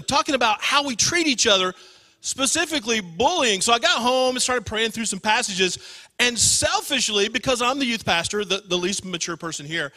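A young man, a youth pastor, preaching a sermon in a church, telling a story in an animated, self-deprecating way. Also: extremely high pitch, normal speed, in a large hall. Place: church sanctuary.

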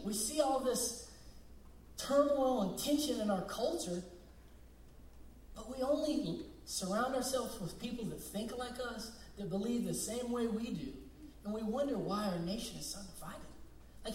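A man's voice: high voice, a little mellow, reverberant, recorded from a distance, slight background noise, poor audio. A young man preaching a sermon as pastor, switching between conversational storytelling and emphatic points.

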